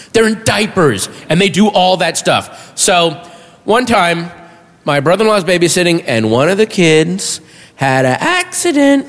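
A man doing a stand-up comedy set, animated and bursting into shouted punchlines, on a stage before an audience. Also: a little high. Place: large hall with audience. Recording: live hall with crowd noise.

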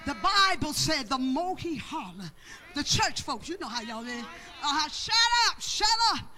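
A pastor preaching a sermon with passion, shouting and half-singing repeated refrains. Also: high-pitched, expressive, normal speed. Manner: repetitive call-and-response preaching.

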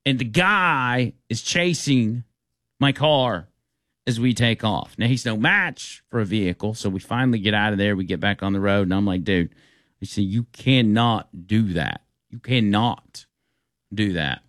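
A man's voice: on the low side, moderate pace, no echo, studio quality. A man hosting a radio talk show, telling a story casually and acting out the people in it. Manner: animated, acts out the people in his stories.

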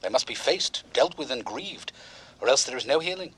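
A man playing a calm, firm psychologist speaking on the radio. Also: medium pitch, moderate pace, slightly rough, poor audio. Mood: earnest. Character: calm, authoritative male psychologist. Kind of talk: measured radio address.

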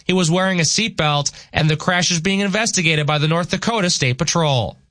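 A man reading scripted regional news on radio with a crisp, steady delivery. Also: fairly high pitch, a little fast, no room sound. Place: radio studio.

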